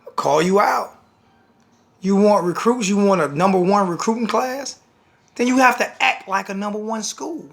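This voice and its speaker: A man's voice: high-pitched, normal speed, gravelly. A man with a blunt, scolding manner, ranting to the camera as a sports fan vlogger.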